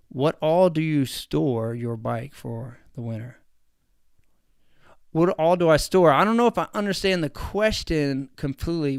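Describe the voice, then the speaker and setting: Chatty man with a crisp, dry voice. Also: a little high, no echo. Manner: rambling, enthusiastic, lots of fillers and restarts. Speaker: livestream host answering viewer questions. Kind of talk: casual livestream chat.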